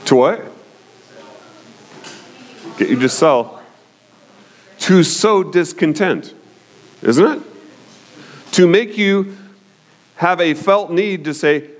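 A man teaching a Bible study in a conversational way, often pausing to ask "okay?" and putting questions to his listeners. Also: fairly high pitch, lively intonation. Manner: conversational, frequent "okay?" check-ins.

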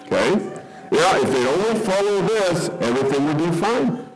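A middle-aged man preaching a sermon to his congregation in a relaxed, conversational way, often checking in with "okay?" and repeating words as he restarts. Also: high-pitched, unhurried. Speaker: pastor. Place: church hall with congregation. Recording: roomy echo with music behind.

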